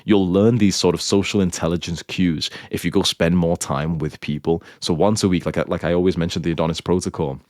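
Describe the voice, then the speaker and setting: Young man, dating coach, low voice, rattles along quickly, rambling and crude, dry close sound. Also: steady tone, a little mellow, no echo. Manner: rambling, heavy use of "like"; blunt and crude. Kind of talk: casual monologue.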